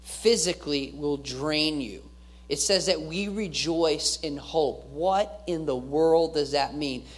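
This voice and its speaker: A man's voice: on the high side, slow. A male pastor giving an earnest sermon, repeating key phrases and restarting his words as he preaches.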